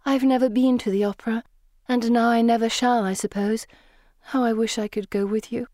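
A woman's voice: on the high side, a little slow, dark tone, no echo, clean studio sound, pitched above the performer's own voice, lightly acted. A woman reading an audiobook and voicing an effusive, wistful teenage girl in a breathless, lifted voice. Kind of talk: audiobook character voice.

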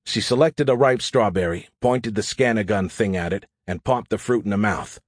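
A man's voice: lowish voice, normal speed, no echo, studio quality. A man narrating a first-person audiobook in a wry, self-deprecating way.

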